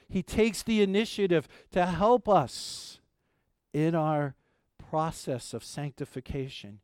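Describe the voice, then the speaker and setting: A man preaching a sermon as pastor, swinging from loud emphasis to hushed asides and repeating key phrases. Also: fairly high pitch, dry recording, clean studio sound.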